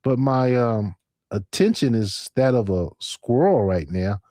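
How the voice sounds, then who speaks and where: A man hosting a late-night live stream, rambling, laughing and thinking out loud. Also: mid-range voice, expressive, measured pace, dry recording, studio quality.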